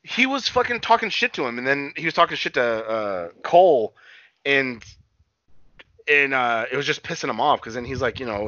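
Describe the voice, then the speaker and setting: A man's voice: mid-range voice, expressive, fast talker, pushed and bright, no echo. A man co-hosting a casual wrestling podcast, talking in a profane, rambling way. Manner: profane, rambling, retells scenes. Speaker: podcast co-host. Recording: dull dry lo-fi sound.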